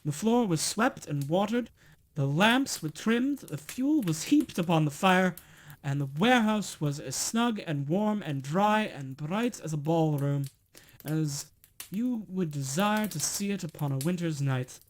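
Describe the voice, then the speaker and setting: A man reading a classic storybook aloud on a stream, expressive and now and then stumbling and correcting himself. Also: on the high side, unhurried.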